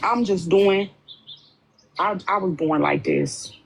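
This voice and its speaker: Woman, husky, confrontational livestream panelist, swears freely. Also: lowish voice, slow pace. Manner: blunt, profane, confrontational. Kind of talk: heated livestream argument.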